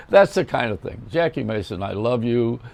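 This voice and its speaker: A man's voice: mid-range voice, animated, moderate pace, vocal fry, darkish tone. An older man, a radio host, telling anecdotes in a rambling monologue, often stopping to correct himself. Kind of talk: storytelling monologue.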